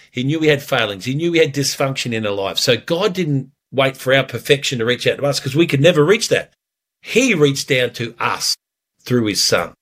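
Male pastor, earnest storytelling sermon, mid-pitched voice. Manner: storytelling, earnest, animated when retelling. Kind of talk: preaching a communion message.

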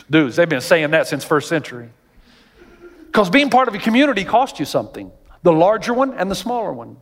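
Pastor, male, high voice, lively storytelling sermon, big echoing church. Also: a little fast. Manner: animated, jokey storytelling, rising to near-shouts.

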